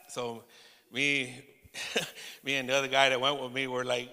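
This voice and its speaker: Guy preaching a story to his church, keeps restarting and laughing, bright tone, big echoey hall. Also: mid-range voice, little pitch movement, vocal fry. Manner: storytelling, quoting himself, halting restarts, laughing asides. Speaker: pastor. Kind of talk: sermon testimony.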